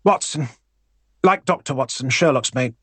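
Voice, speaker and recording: A man voicing a young woman trainee reporter who is blunt, brisk and dotes on the office dog. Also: mid-range voice, lively intonation, fairly bright tone, husky, no room sound. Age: young adult. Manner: brisk, snappish, fussing over the dog.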